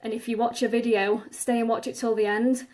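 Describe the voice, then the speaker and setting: Woman, live-stream business coach, slightly breathless, higher pitch, direct advice-giving delivery. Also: little pitch movement, brisk, a little mellow. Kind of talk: live-stream talk to viewers.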